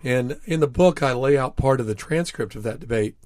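A man's voice: medium pitch, fairly quick, a little mellow, no echo, studio quality. A man, an author and interview guest, telling anecdotes in an earnest, reflective way. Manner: reflective, earnest, recounts dialogue.

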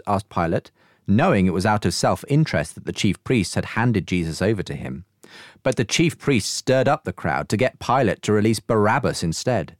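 A low-voiced man reads scripture in a measured way, his pitch rising and falling widely. The recording is dry and close to the mic, with no room sound. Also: dry recording. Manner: measured, expressive reading. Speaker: scripture reader. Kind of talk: scripture reading.

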